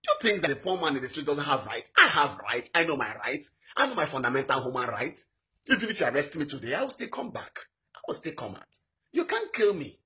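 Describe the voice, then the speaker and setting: Very husky fiery Nigerian young man. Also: sing-song, fairly quick, sharp tone. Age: young adult. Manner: fiery and exhorting, voice swinging high on rhetorical questions. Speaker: political activist. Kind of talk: impassioned political appeal.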